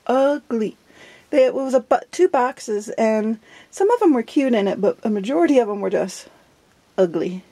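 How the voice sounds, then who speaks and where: A woman's voice: a little high, lively intonation, moderate pace, dark tone, no room sound. A middle-aged woman chatting casually while flipping through her journal, giggly and self-deprecating. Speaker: journal vlogger. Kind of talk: casual show-and-tell chat.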